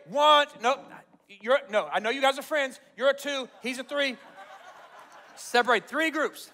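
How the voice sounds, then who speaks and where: A pastor with a very high voice preaches at a moderate pace in a large church auditorium. His sermon features animated stories with acted-out quotes, punctuated by frequent laughter.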